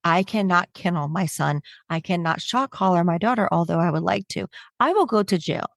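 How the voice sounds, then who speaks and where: A woman's voice: on the low side, normal speed, gravelly, dry recording, clean studio sound. A middle-aged woman giving a webinar talk in a stand-up comedy style, brash and joking with punchy delivery. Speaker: webinar speaker on humor.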